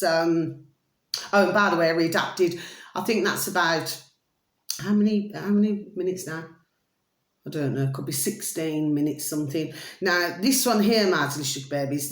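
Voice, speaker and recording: A British woman in her fifties, talking straight to her viewers in a passionate, rambling monologue and often checking whether they follow her. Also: fairly low pitch. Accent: British English. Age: 50s. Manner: passionate, repeats pet names and asks "do you see". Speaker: video uploader. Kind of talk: casual ranting monologue to viewers. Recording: roomy echo.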